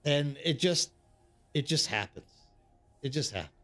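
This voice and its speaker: A man in his thirties hosts a casual live stream and tells long, rambling stories to his chat. His voice sits a little high for a man. He fills his talk with "like" and often restarts his sentences. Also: lively intonation, measured pace, fairly bright tone, soft background music. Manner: rambling anecdotes with many fillers and restarts. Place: living abroad in South Korea.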